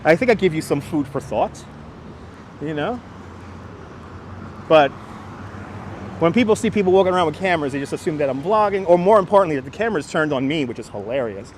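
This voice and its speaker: A man's voice: on the high side, lively intonation, a little fast, long pauses. A middle-aged man from New York with a light New York accent, chatting to viewers and answering their comments as he walks city streets, on a wireless clip-on mic. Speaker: livestreamer. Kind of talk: walking livestream chat. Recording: faint street noise outdoors.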